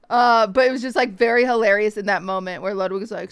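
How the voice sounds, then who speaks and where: A woman streamer tells her chat a story in a casual, animated style, swearing often, acting out the voices of people she quotes, and hiccuping. Her mid-range voice moves at normal speed, smooth with vocal fry, and there's no room sound.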